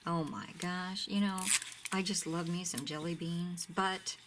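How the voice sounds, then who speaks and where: A woman's voice: fairly low pitch, steady tone, unhurried, background noise. Chatty woman gushing over craft ribbons. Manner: chatty, gushing, often drops to a near-whisper. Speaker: craft shop owner showing ribbons. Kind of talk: casual product show-and-tell.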